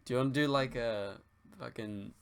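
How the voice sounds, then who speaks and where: A man's voice: medium pitch, moderate pace, gravelly, smooth. A young man from England, hosting a livestream and answering viewers' questions in a laid-back, rambling way, swearing casually. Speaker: livestream host.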